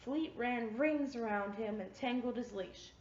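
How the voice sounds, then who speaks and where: A woman reading a children's picture book aloud with expressive storytelling. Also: a little high, unhurried. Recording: echoey room, far from mic, dull, faint noise.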